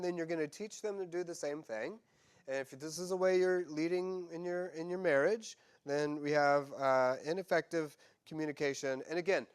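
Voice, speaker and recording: A man pastor preaching a sermon, animated and conversational, acting out quoted voices with humor. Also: on the high side.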